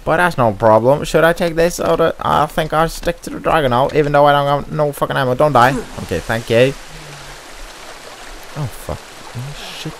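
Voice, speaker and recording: A man giving profane let's-play commentary as he plays, trash-talking enemies with loud outbursts. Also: fairly high pitch, expressive, moderate pace, pauses often, a little hiss or hum. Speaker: gamer streamer.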